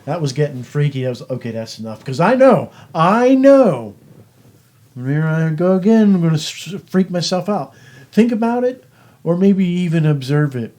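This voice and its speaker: A man's voice: on the high side, very animated, moderate pace, darkish tone. A man co-hosting a casual talk show, telling stories in a rambling way. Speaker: show co-host. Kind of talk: casual banter.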